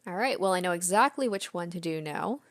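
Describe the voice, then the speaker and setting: A woman's voice: fairly low pitch, lively intonation, a little fast, dry recording. A woman hosting a game playthrough, dropping wry asides between passages. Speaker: let's play host. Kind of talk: casual playthrough commentary.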